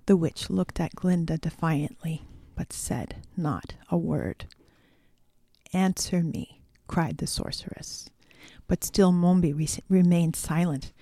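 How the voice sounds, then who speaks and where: A woman narrating a children's fantasy book in a measured, soft manner. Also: low voice, dry recording. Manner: measured, soft, at times whispery. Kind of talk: storybook audiobook reading.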